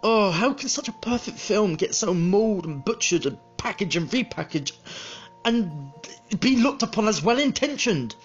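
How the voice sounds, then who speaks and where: A man's voice: high-pitched, lively intonation, moderate pace, lo-fi sound, faint music behind. A man hosting a podcast, delivering a heated, sweary film review in a bitter tone.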